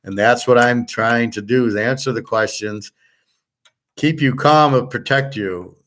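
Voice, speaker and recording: A man's voice: medium pitch, unhurried, a bit bright. A middle-aged man hosting a betting and economics class, talking in a blunt, profane, rambling rant and lecturing listeners as his students. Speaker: host.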